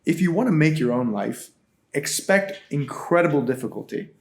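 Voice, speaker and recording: Middle-aged man, podcast guest; animated, playful storyteller, casual. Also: on the high side, normal speed, creaky. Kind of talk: casual interview talk.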